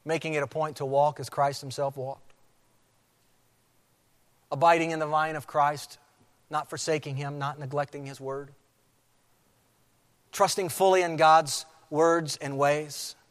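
A man preaching a sermon as pastor, with emphatic delivery that slows to repeat key phrases. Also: on the high side, little pitch movement. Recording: long hall reverb.

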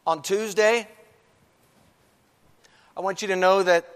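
A man's voice: high-pitched, fairly even intonation, slow pace, clear, resonant tone. A man preaching a sermon, emphatic and repeating key phrases for stress. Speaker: pastor. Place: church sanctuary. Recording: long reverb of a large hall.

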